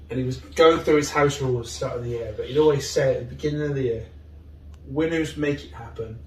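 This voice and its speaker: A man talks as an interview guest, earnest and open, spilling into long excited tangents. His voice sits a bit high for a man. He is picked up from a distance in an echoey room. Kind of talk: casual interview chat. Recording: roomy, distant mic.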